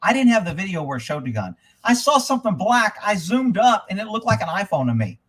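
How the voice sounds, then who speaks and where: Casting: middle-aged man, high-pitched voice, loud, blunt type A ranter, swears constantly. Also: big pitch swings, quick pace, husky. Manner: loud, profane, type A storyteller. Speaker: host of a live stream. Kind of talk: casual ranting monologue.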